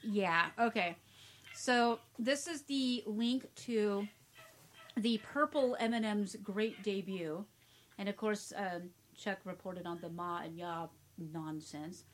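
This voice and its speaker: A woman's voice: medium pitch, slow pace. A woman in casual conversation, riffing on online comments. She reads them out with heavy sarcasm and breaks into laughter often. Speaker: co-host.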